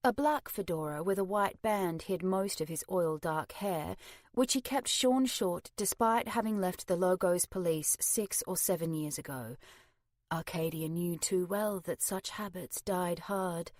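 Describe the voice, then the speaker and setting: A woman reads a horror audiobook in a slow, unhurried, measured way. Her voice sits on the low side and is recorded close and dry, with no room sound. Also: a little mellow, no room sound. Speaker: audiobook narrator. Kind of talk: scripted narration.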